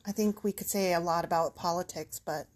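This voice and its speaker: A woman's voice: fairly low pitch, steady tone, brisk, darkish tone. Wry woman co-hosting a podcast. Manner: agreeable, wry, reads passages aloud. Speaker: podcast co-host. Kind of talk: casual chat and Bible reading aloud.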